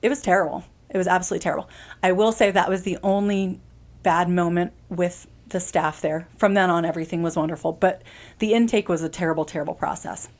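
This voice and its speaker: A woman's voice: on the low side, fairly even intonation, fast, darkish tone. A woman in her thirties, a podcast guest, telling a personal story in an earnest, emphatic way, often restarting mid-sentence.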